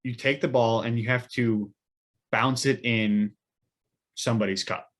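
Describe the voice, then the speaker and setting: A man's voice: mid-range voice, steady tone, measured pace, a bit bright. Young man telling a rambling story. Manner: rambling storytelling, many fillers and restarts. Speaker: podcast co-host. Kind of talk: casual chat.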